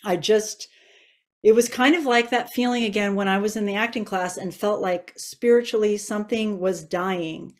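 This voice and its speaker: A woman's voice: medium pitch, steady tone, normal speed. A woman in her forties sharing a personal faith testimony in an interview, earnest and emotional. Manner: earnest and emotional, tearful at times.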